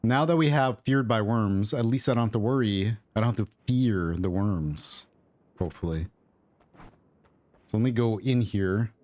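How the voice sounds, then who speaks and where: A man's voice: lowish voice, normal speed, darkish tone. A man streaming a game, talking casually and thinking aloud as he plays, rambling with mutters and asides. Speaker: gaming streamer. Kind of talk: casual gameplay commentary. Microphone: own microphone at desk.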